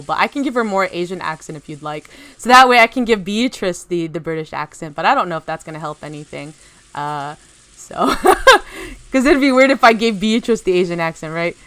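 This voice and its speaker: A woman's voice: fairly high pitch, a bit bright, no room sound. A woman streamer reading a visual novel aloud, giggling, correcting herself, and chatting to viewers between passages.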